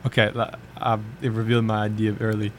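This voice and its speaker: A man's voice: on the low side, completely flat delivery, quick pace, a little hiss or hum. A young man co-hosting a college radio show, chatting casually and rambling with lots of filler words. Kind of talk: casual chat.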